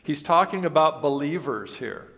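A man's voice: on the high side, expressive, moderate pace, fairly bright tone. A male pastor preaching a sermon in a conversational way, asking the congregation questions and mixing in humor. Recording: long reverb of a large hall.

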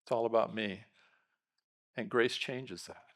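A middle-aged male pastor preaching a lively sermon, bantering with the congregation and asking them questions. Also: fairly low pitch. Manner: lively, talks with the congregation, quick asides.

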